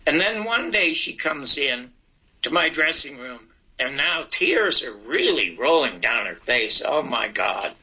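A man's voice: mid-range voice, a little slow, husky, highs cut off. An older man telling stories in an interview, acting out the dialogue in his anecdotes. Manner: animated, acts out dialogue in his story. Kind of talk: anecdotal storytelling.

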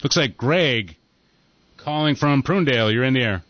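A man's voice: medium pitch, animated, moderate pace, no echo, muffled recording. A man co-hosting talk radio, feeding short prompts and taking calls. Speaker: radio co-host. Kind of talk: casual talk radio chat.

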